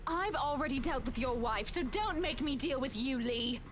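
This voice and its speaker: Una señora mordaz y muy aguda. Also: female voice, high-pitched, animated, moderate pace, slight background noise. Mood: scolding. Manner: sugary but scolding.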